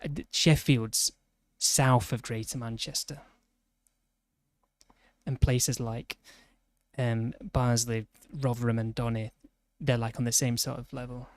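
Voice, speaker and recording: A man with a Yorkshire accent streaming a game, rambling and indignant in casual banter, full of quick restarts. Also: medium pitch, level tone, no room sound. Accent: Yorkshire English. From Yorkshire, England. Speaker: livestreamer. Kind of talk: casual gaming stream chat.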